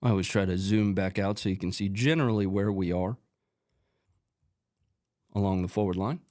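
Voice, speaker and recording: A middle-aged man hosts a live stream, walking viewers through footage in a relaxed, conversational way. His voice sits a little low, and he drifts easily into casual asides before getting back on track. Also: moderate pace. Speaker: host. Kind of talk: live-stream commentary over combat footage.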